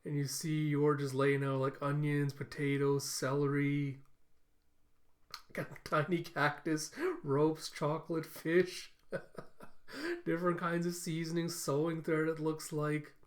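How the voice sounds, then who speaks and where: Casting: chatty, amused male reviewer with a higher-pitched voice. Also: little pitch movement, slow. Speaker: anime reviewer. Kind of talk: casual reaction recap.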